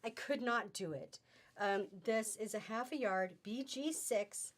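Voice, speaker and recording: A woman's voice: sits high, unhurried. Chatty woman hosting a live fabric sale. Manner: chatty and gushing, laughs often.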